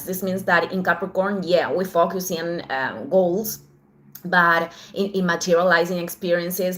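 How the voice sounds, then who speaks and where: A woman with a fairly low voice, speaking English as a second language, delivers a weekly astrology forecast to her viewers. She talks haltingly, searching for words and restarting phrases often. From Southern Hemisphere. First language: not English. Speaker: astrology channel host.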